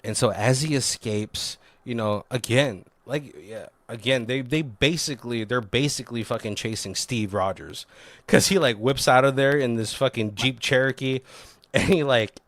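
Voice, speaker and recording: A man's voice: medium pitch, moderate pace, a bit bright, dry recording. A man on a podcast casually recapping a film's plot, rambling with lots of "like" and frequent swearing. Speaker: podcast co-host. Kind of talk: casual movie recap chat.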